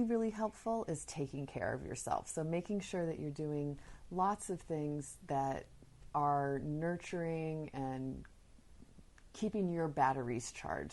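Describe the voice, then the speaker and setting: Low-voiced woman podcast host. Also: mellow. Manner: earnest, conversational, speaks directly to listeners. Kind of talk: casual advice talk. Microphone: podcast microphone.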